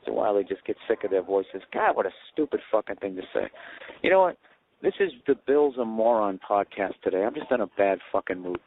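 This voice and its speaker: A man's voice: lowish voice, expressive, a little fast, narrow, tinny audio, a little hiss or hum. A man ranting sarcastically and profanely as a comedy podcast host, recorded in an airport waiting area on a phone. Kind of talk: rambling comedic rant.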